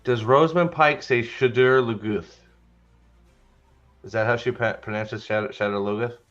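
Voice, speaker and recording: A man's voice: mid-range voice, steady tone, normal speed, a bit bright, lo-fi sound. A man hosting a livestream podcast, chatting casually with joking, stammering restarts. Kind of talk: casual chat.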